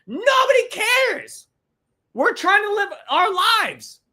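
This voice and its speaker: High-voiced woman ranting on a podcast. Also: sing-song, slow, sharp tone. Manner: ranting, profane, repetitive. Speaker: podcast host. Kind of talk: livestream podcast rant.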